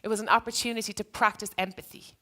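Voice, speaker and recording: A woman's voice: mid-range voice, steady tone, fast, pushed and bright. A woman who used to be a teacher, giving a reflective talk to an audience and telling a story from her classroom. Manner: earnest, reflective. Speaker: speaker, former teacher.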